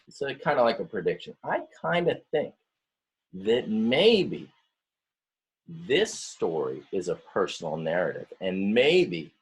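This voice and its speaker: Here a male teacher reads a picture book to his class in a sing-song way at a measured pace. His voice is on the low side with a breathy edge. He stretches words, performs the characters, and often breaks off to explain details.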